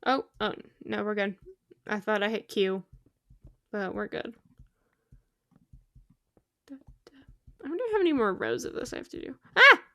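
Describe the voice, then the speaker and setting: A young woman chatting casually while streaming a game, bubbly, giggly and easily excited, talking to friends in the game. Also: mid-range voice, a little fast, creaky, no echo. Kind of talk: casual gaming stream chat.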